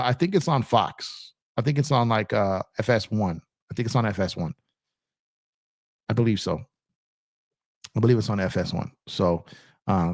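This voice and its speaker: A man's voice: mid-range voice, dry recording, studio quality. Laid-back man rambling on a livestream. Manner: laid-back and rambling, with frequent fillers and repeats. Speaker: sports channel host. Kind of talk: casual livestream chat.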